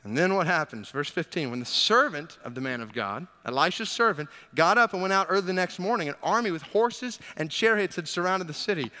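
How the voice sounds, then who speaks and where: A man preaching a sermon, retelling a Bible story in an animated way with quips to the congregation. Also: sits high, fairly quick, long reverb tail. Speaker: pastor.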